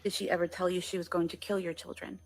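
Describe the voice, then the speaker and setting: A woman attorney questioning a witness in court, asking measured, formal questions with hesitant ums. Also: lowish voice, level tone, faint music behind.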